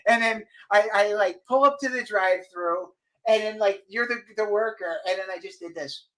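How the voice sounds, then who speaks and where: A man's voice: high voice, moderate pace, sharp tone. A middle-aged man co-hosting a podcast, telling rambling, laughing stories in casual chat. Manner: rambling storyteller, lots of restarts and laughs. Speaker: podcast co-host.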